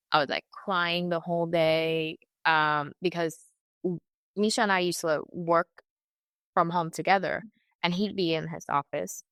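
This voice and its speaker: A young woman with a low, smooth voice, recorded close and dry. She speaks candidly and haltingly, stopping to restart and slipping into quoted asides. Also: fairly bright tone, no echo. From California. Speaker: interview guest. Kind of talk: candid personal account.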